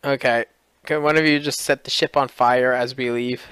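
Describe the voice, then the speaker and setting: A man's voice: mid-range voice, steady tone, moderate pace, a bit bright, clear, resonant tone, no echo. A man playing in a tabletop game, chatting casually and then announcing the schedule. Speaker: player and stream organizer. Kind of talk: casual tabletop role-play chat.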